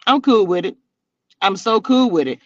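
A woman's voice: medium pitch, lively intonation, normal speed, no room sound. A woman hosting her own live stream as a reality TV blogger, chatting casually with viewers in a sassy, teasing, slangy way and laughing a lot. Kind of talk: casual live-stream chat reading comments. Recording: dull, lo-fi and dry.

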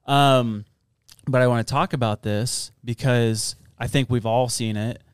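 A man's voice: medium pitch, steady tone, measured pace, smooth, no room sound, clean studio sound. A man from Florida hosting a casual podcast, rambling with lots of fillers while telling stories. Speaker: podcast host. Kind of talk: casual chat.

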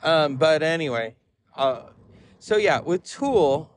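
A man hosting a podcast, telling rambling stories in an animated way with frequent laughs. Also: on the high side, slow pace, slight background noise. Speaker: podcast host. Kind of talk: casual rambling monologue.

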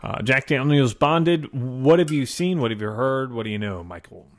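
A man's voice: medium pitch, expressive, moderate pace. A man co-hosting a casual podcast at a desk mic, joking and rambling with his partner. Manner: joking, rambling, laughs often. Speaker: podcast co-host. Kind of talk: casual chat. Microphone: desk microphone.

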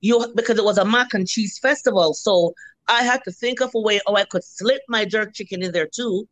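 Woman, fifties, Jamaican accent, cook, animated storyteller, swears freely, mid-pitched. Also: brisk, dry recording, poor audio. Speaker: restaurant owner and cook. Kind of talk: casual interview.

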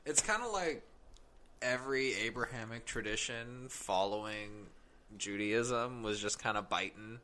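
Bright-voiced wry comedian man. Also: medium pitch, measured pace. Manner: wry, deadpan jokes. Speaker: comedian guest. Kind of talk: casual comedic chat.

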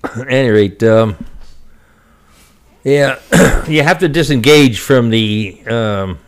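A man in his seventies, a retired Marine officer on a podcast, speaking haltingly with pauses and restarts. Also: medium pitch. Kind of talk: casual conversation.

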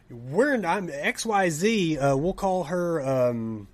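A podcast co-host from Tennessee, with a Southern US accent, tells a story in a casual chat. His voice sits on the high side and moves slowly, and he is animated, laughing and swearing as he acts out the dialogue he quotes.

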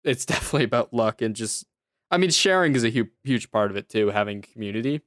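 A man's voice: mid-range voice, quick pace, no echo, clean studio sound. A young man on a podcast, talking in a loose, rambling way. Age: young adult. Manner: rambling, loose, full of fillers. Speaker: podcast co-host. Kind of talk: casual podcast chat.

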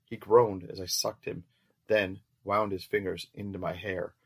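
A man reading a first-person story aloud as narrator in a steady, measured way. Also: sits low, vocal fry, slightly rough.

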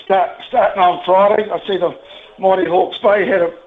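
A man with a New Zealand accent rings a radio talkback show, his voice a touch high and squeezed through a thin, tinny phone line. He talks bluntly and rambles, heart on his sleeve, with casual swearing. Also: steady tone, normal speed, a little hiss or hum. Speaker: radio caller. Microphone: telephone.

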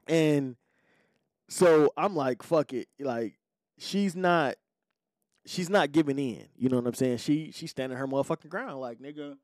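A man's voice: fairly high pitch, unhurried, darkish tone, no echo, clean studio sound. A man around forty, a podcast host, telling a personal story in a blunt, laid-back, profane way and often asking "you know what I'm saying". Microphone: podcast microphone.

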